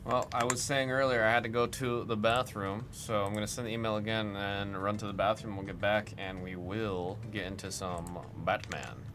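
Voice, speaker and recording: A man with a low voice hosts a casual livestream at his desk, running through lists in an easygoing, chatty way. Faint background noise sits under his voice. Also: steady tone, moderate pace, few pauses. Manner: chatty, reads off lists while working the computer. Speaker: livestream card break host.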